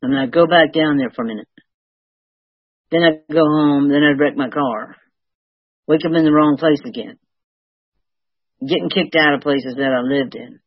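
Husky woman telling her story. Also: sits low, moderate pace, pauses often, no echo, muffled recording. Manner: wry, self-mocking humor with acted-out quotes. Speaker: speaker sharing a recovery story. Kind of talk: personal testimony, storytelling.

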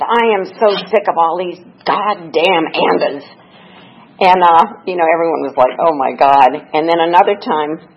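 At a memorial gathering, a woman with a low-sitting voice shares candid, earthy anecdotes as a personal eulogy, laughing at times and tearful at others. The recording is lo-fi with slight background noise.

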